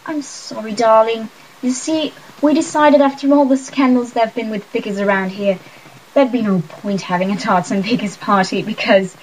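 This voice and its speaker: A woman reading the part of a chatty, pushy middle-aged neighbor who laughs at her own jokes, with a husky voice. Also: fairly high pitch, steady tone, normal speed, a little hiss or hum, natural voice, low-quality recording. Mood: gushing.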